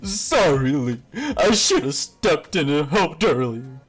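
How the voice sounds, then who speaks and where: A man voicing a loud, boastful male martial arts teacher with a theatrical, excitable delivery in a fan-made story. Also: high voice, takes it slowly, faint music behind, voice pushed up, full character voice. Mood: tearful.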